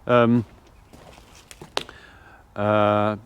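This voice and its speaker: A man's voice: on the low side, level tone, very slow, muffled recording, a little hiss or hum. Middle-aged farmer guy, chatty, talks to his animals on the farm. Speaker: farmer vlogger. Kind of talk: casual vlog while doing farm chores. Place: farmyard outdoors.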